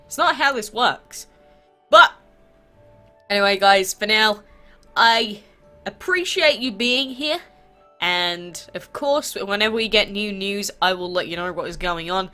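A congested woman with a stuffy nose from a cold, hosting a mobile game channel in chatty, animated talk full of rhetorical questions. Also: medium pitch, measured pace, long pauses, faint music behind. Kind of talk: casual gaming vlog chat.

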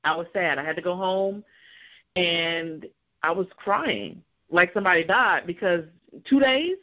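Woman guest, lively personal storyteller who laughs through it and mimics others; muffled lo-fi sound. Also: lowish voice, unhurried. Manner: animated, acts out voices of people in her story; laughs often while talking.

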